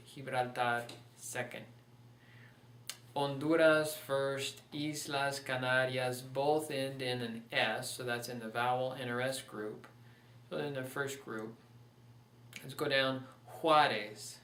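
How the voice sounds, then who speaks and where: A man gives a recorded online lecture on Spanish pronunciation, patiently going through examples step by step. His voice is medium in pitch with a fairly bright tone. He sits far from the mic in an echoey room.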